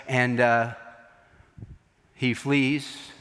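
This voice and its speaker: A man's voice: medium pitch, steady tone, very slow, long pauses, fairly bright tone, in a large hall. A man preaching a sermon as a pastor, telling the story dramatically and acting out the quotes.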